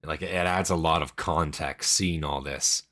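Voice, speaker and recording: A man's voice: a bass voice, steady tone, a little slow, sharp tone. A man streaming a casual reaction, rambling and thinking aloud with many fillers.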